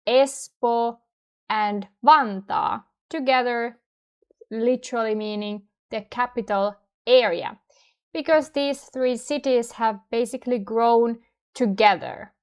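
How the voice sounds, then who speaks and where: A Finnish-accented woman teaches pronunciation at an unhurried, deliberate pace. Her voice sits fairly high, and she repeats each word patiently so the learner can follow along. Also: darkish tone, clear, resonant tone. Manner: careful, repeats words slowly for demonstration. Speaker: language teacher. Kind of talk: pronunciation lesson.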